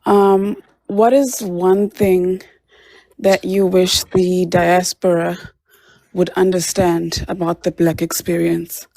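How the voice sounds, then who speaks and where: A woman from South Africa on an online debate panel, asking her question slowly and carefully. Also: lowish voice, flat delivery, creaky, mellow, no room sound.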